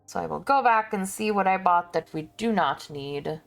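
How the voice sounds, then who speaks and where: A young woman streamer chatting casually to her viewers while she shops online, thinking out loud and laughing often. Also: on the low side, expressive, normal speed, gravelly, soft background music.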